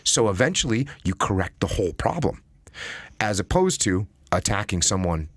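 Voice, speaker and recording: A male podcast guest with a lowish voice speaks at normal speed, his pitch swinging widely, with no echo. He talks emphatically in casual conversation, acting out example dialogues.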